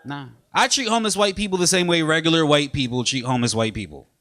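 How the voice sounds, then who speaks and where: Animated high-voiced New comic. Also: male voice, fast talker. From Brooklyn, New York. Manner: animated, punchy delivery with mock voices. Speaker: stand-up comedian. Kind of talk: stand-up comedy set. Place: comedy club stage with audience.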